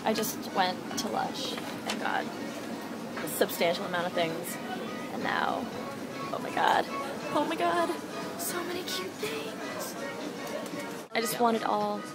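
This woman chats in vlog style while walking a busy downtown street, filming on a handheld camera and sounding bubbly, playful and full of exclamations. Her medium-pitched voice swings widely in pitch, moves a little slowly with long pauses, and competes with loud music and a loud crowd. The outdoor recording is noisy with traffic.

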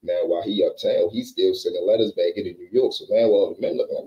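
Brief: low, dark-toned man, rapid casual storyteller, lo-fi mic. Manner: animated, acts out every character.

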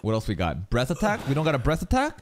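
A young man doing casual anime reaction commentary, excitable and swearing often as he talks to the screen. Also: mid-range voice, quick pace.

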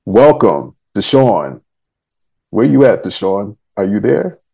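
A man's voice: lowish voice, sing-song, gravelly, dark tone, husky. A male talk show host, chatting playfully with his guest and joking along. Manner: chatty, playful, quick asides and jokes. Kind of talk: casual interview chat.

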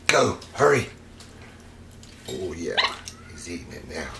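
A man's voice: sits low, very animated, slow, fairly bright tone. A man hosting a casual vlog, coaxing and fussing over his pet monkey in a doting way. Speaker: pet monkey owner and channel host. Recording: clear background noise.

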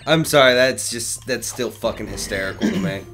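A man's voice: mid-range voice, lively intonation, normal speed, music in the background. A man co-hosting a gaming video, teasing his friend in casual banter. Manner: teasing, jokey. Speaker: let's play co-host.

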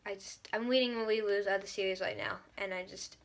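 A woman's voice: mid-range voice, steady tone, fairly quick, gravelly. A young woman reviewing a book in a casual vlog, gushing and dramatic as she acts out her own reactions.

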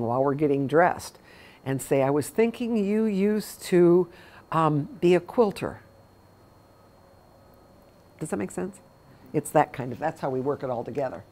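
A woman's voice: low voice, a little mellow. A middle-aged woman, a memory care consultant, talking with caregivers in a chatty, story-telling way and acting out quoted dialogue. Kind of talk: talk to caregivers.

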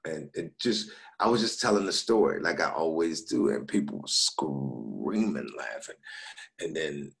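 Soft music plays in the background as a middle-aged comedian guest tells casual stories at a moderate pace. His voice is low-pitched, creaky, and fairly bright in tone, and he's animated, laughing while acting out quoted voices in his anecdotes.

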